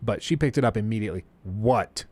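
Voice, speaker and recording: Lively, laughing male streamer. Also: mid-range voice, moderate pace. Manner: animated storyteller, laughs often and acts out the people he quotes. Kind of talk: casual storytelling on a livestream.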